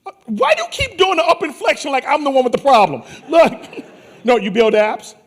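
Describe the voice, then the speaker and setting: A lively man hosts a conference from the stage. His voice sits high and swings widely as he ribs the crowd with quick, teasing jokes. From New Orleans. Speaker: conference host. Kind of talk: playful stage banter with audience.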